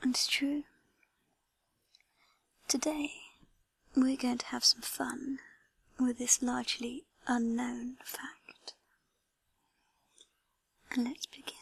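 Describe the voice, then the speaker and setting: A woman in a whispered role-play with a breathy whisper, talking slowly in a teasing, commanding way. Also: a little high, level tone, dry recording. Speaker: erotic audio performer.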